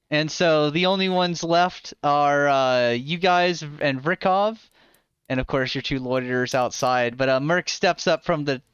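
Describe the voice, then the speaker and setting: A man narrating as dungeon master in a live tabletop game, animated and full of fillers. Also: a little high, slow pace, clear, resonant tone, no room sound, lo-fi sound.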